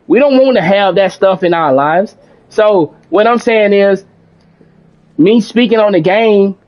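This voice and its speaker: High-voiced man musing calmly on stream. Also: muffled recording. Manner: calm, rambling and self-reflective with frequent restarts; casual speech with mild swearing. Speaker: gaming streamer. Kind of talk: reflective casual monologue.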